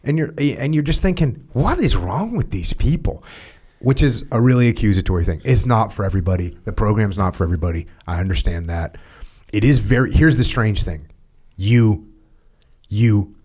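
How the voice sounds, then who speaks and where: A middle-aged man hosting a podcast, trading training memories in casual chat, animated, laughing, and swearing freely. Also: on the low side, normal speed, breathy edge. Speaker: podcast host, former Navy SEAL. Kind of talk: casual conversation.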